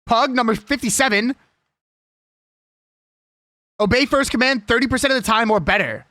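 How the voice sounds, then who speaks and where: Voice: mid-range voice, normal speed, pushed and bright, dry recording, studio quality. A young adult live streamer chatting casually and with strong opinions while reading a list aloud.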